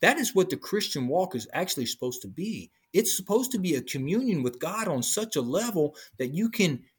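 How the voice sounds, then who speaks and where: A man, a guest on a faith podcast, telling his testimony in a lively way and acting out what people said to him. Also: fairly high pitch, fairly quick, slightly rough. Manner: animated storyteller, acts out quoted speech. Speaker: interview guest.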